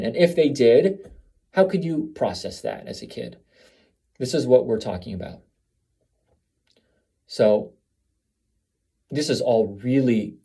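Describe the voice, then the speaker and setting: A man's voice: mid-range voice, dark tone, breathy edge. A man giving a reflective, conversational monologue to camera, asking many rhetorical questions. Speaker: video speaker on family dynamics.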